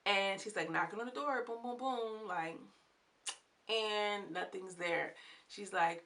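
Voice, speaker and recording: A woman giving a lively, chatty recap of a TV episode, full of exclamations and slang. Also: fairly low pitch, a little slow. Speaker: TV show reviewer. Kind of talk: casual recap and commentary.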